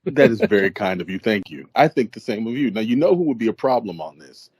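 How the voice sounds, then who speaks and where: A man's voice: on the low side, sing-song, fast, darkish tone, husky, no echo. A male podcast guest in a playful, joking mood, his voice rising and falling a lot as he talks. The sound is dry and close to the mic. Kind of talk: casual podcast chat.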